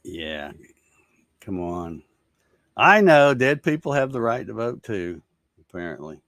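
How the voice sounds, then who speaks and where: Man hosting a casual stream, sarcastic ranting tone, fairly low voice, dry close recording. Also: sing-song, a little slow, a bit bright, dry recording. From Georgia, USA. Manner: ranting, fed-up, sarcastic, laughs at comments. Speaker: show host reading viewer comments. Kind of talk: casual livestream chat.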